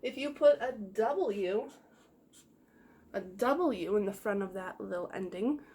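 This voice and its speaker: A woman teacher giving a slow, clear phonics lesson to young children, sounding out each letter and inviting them to repeat. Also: medium pitch, expressive, mellow.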